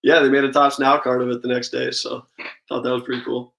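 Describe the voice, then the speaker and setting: A man in his thirties, a baseball pitcher, chatting casually as an interview guest and telling relaxed stories full of "like" and "I mean". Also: fast, creaky, low-quality recording. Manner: relaxed storytelling, lots of "like" and "I mean".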